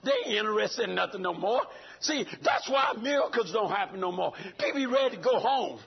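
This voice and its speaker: A man's voice: high-pitched, lively intonation, brisk, muffled recording. An older man preaching a sermon, hollering and calling out to the congregation with laughing asides. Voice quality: raspy.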